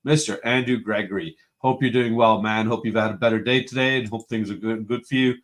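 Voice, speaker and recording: A man's voice: fairly low pitch, steady tone, fairly quick, a bit bright. A man hosting a casual live-stream show from home, cheerfully greeting chat viewers one after another. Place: home room with a computer.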